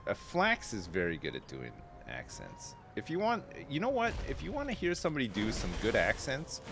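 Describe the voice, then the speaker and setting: A man in his thirties chatting casually with viewers as a game streamer, rambling loosely from thought to thought. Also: mid-range voice. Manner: rambling, chatty, answers chat, swears casually. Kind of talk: casual live-stream chat while gaming. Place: home streaming setup.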